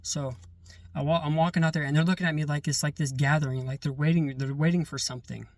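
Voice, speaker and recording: A man casually telling a long story about a dream, halting and repeating words as he gets caught up in it. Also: fairly high pitch, no echo. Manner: halting, repeats words and restarts when excited. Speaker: vlogger recounting dreams.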